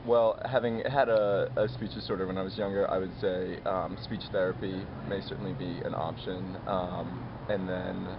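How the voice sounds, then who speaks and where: A man's voice: sits low, fairly even intonation, normal speed, few pauses. A man answering a street interview in a hesitant, thoughtful way. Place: outdoors on a street. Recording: muffled outdoor recording with traffic.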